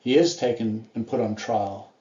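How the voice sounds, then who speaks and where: A man preaches a sermon, retelling the story earnestly and giving the quoted lines a little voice of their own. His tone is mellow and warm. The recording sounds slightly dull and carries the echo of a roomy church hall. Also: fairly low pitch, fairly even intonation, normal speed.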